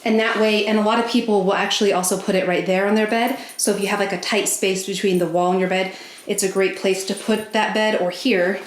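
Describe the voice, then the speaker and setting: A woman with a steady, mid-range voice speaks a little fast as she chats casually to viewers and does chores in her bedroom at home. The pet vlogger is slightly out of breath and occasionally talks to her dogs in a bright, coaxing way; the room echoes and there's faint noise.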